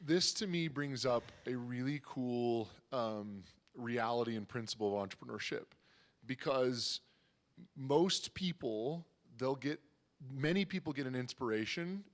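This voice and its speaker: A man's voice: mid-range voice, unhurried. Enthusiastic male interview host. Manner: enthusiastic and encouraging. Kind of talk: conversational interview.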